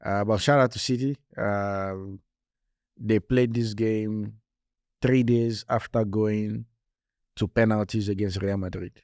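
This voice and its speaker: A man's voice: on the low side, steady tone, slow pace, a little mellow, dry recording, studio quality. A man co-hosting a casual football podcast, talking in an emphatic way and repeating his points. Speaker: podcast co-host.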